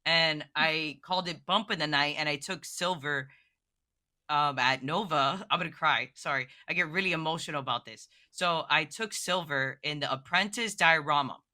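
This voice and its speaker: Super excitable woman gushing on a podcast, really bright voice, says like a lot. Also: deep voice, normal speed. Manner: excitable, emotional, heavy "like" fillers. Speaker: guest miniature painter. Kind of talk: casual podcast chat.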